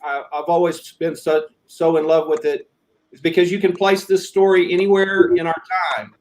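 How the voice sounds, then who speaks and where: Male guest, slightly high, earnest and casual. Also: flat delivery, normal speed, a little mellow, poor audio. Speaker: guest on the broadcast. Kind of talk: casual chat.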